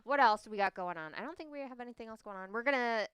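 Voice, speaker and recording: A bright, crystal-clear woman co-hosting a relaxed chat show from home. She talks in an upbeat, giggly way, often turning to the viewers as "guys." Her voice sits a little high and sounds dry and close. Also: very fast, no echo. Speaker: podcast co-host. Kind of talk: casual chat. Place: home studio room.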